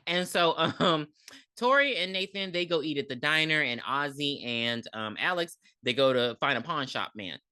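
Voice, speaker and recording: A woman's voice: deep voice, animated, normal speed, bright, forceful tone. A woman co-hosting a podcast, retelling a movie's plot in casual, profane chat. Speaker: podcast co-host.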